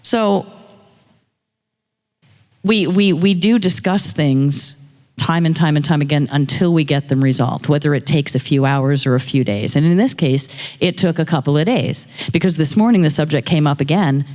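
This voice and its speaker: Lively woman storyteller, audience testimony, echoing hall sound. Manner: fast, lively storytelling with high-pitched acted quotes. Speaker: audience member sharing a story. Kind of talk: animated personal testimony.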